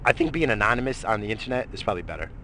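A man's voice: fairly low pitch, expressive, rapid-fire, sharp tone, slight background noise. A man hosting a radio show, rambling casually with lots of swearing and fillers. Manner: profane, rambling, many fillers.

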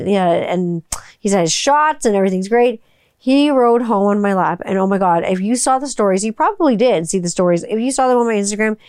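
A woman's voice: medium pitch, a little mellow, clean tone, dry recording, studio quality. A woman, chatting casually and rambling, full of "like" and the odd swear word. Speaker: vlogger. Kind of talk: casual chat.

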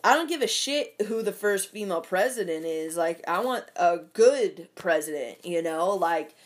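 A woman's voice: lowish voice, lively intonation, moderate pace. Young woman venting, swears a lot, rambling with fillers, casual rant. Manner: profane, rambling, lots of fillers.

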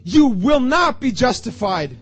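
High pitched guy preaching slow and fervent, keeps repeating himself, soft music behind. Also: big pitch swings, breathy edge. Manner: fervent preaching, repeats phrases, rising to shouts. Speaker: pastor. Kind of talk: sermon.

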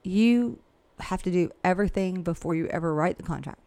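Frank, chatty woman with a gravelly voice. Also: lowish voice, a little fast, warm tone, no room sound. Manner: chatty and frank, with laughs and asides. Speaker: real estate agent and coach. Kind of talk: casual conversational interview.

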